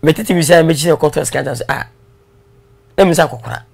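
Gravelly guy chatting in an interview, lively storyteller, drops english bits. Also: a little high, brisk. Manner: animated storyteller, laughs, mixes in English. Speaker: guest. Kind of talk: casual interview talk.

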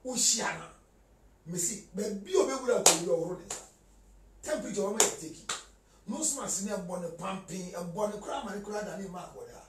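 A man talking in a lively mix of Twi and English as a guest in a casual chat. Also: sits high, a little fast, distant mic, noisy background. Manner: animated, switches between Twi and English. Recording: echoey room, voice from off-mic.

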